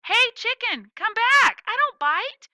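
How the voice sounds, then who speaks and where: A woman's voice: high-pitched, sing-song, a little fast, bright, forceful tone, dry recording, voice pushed up, heavily acted. A woman voicing an eager, chatty girl of nearly nine who fires off bubbly questions.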